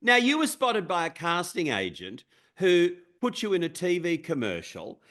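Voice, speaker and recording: A man's voice: sits high, wildly swooping pitch, moderate pace, sharp tone. A male interviewer who asks leading questions with enthusiasm.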